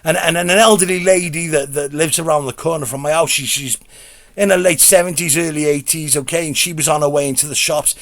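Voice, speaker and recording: A man's voice: on the high side, steady tone, fairly quick, a bit bright, dry recording. Stammering sweary man telling a story. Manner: stammering, sweary, self-mocking. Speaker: comedy vlogger. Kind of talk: rambling comic storytelling.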